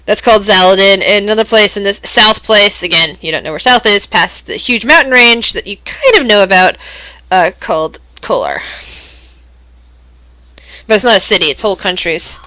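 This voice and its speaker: A woman's voice: medium pitch, animated, normal speed, pushed and bright, no echo, poor audio. A woman running a tabletop role-playing game online, narrating and explaining in a chatty, rambling way and often laughing. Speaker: game master.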